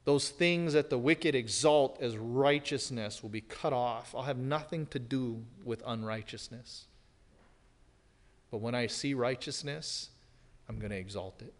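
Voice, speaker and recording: Emphatic preacher in a reverberant hall. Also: male voice, mid-range voice, measured pace. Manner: emphatic preaching that swings from loud to hushed. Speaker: pastor. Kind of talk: expository sermon.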